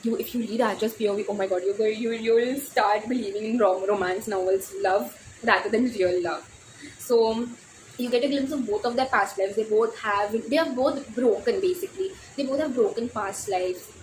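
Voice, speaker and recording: A teenage girl from India with an Indian English accent, gushing excitedly about romance novels in a casual book vlog, often restarting her sentences. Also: on the high side, normal speed, slight background noise, poor audio. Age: teens. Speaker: book vlogger.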